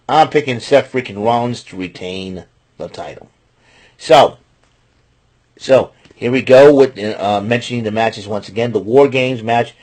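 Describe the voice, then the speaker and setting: A man's voice: lowish voice, darkish tone. Male host, casual solo wrestling recap, rambling and chatty. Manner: rambling, chatty, restarts and fillers.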